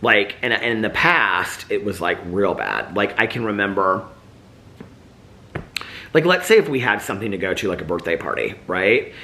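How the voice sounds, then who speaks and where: A man's voice: on the low side, lively intonation, normal speed, pushed and bright, slight background noise. A man vlogger in casual, reflective chat, rambling with lots of "like" and "you know".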